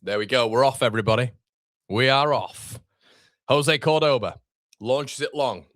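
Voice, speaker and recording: With a mid-range voice, a moderate pace and a fairly bright tone, a young Yorkshireman chats his way through live football, reading viewer comments and joking around. The close mic is dry, with no room sound.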